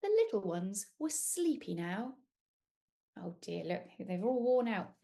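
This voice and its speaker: A British woman reading a picture book aloud to young children, animated and sing-song, asking them questions and inviting them to join in. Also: medium pitch, unhurried, creaky.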